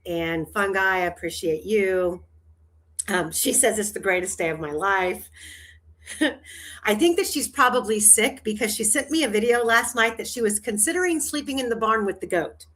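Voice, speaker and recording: A woman's voice: mid-range voice, animated, normal speed, fairly bright tone. A woman hosting a casual livestream chat, rambling through her thoughts with frequent restarts and laughter. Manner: rambling, trailing, laughs often. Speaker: livestream host.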